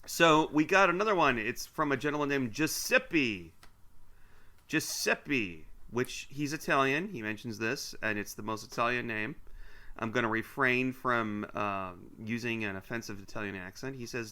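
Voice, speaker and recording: A man co-hosts a podcast, reading listener mail aloud in a casual, teasing way and tossing in asides. His voice sits at medium pitch and moves at a normal speed, sounding pushed and bright.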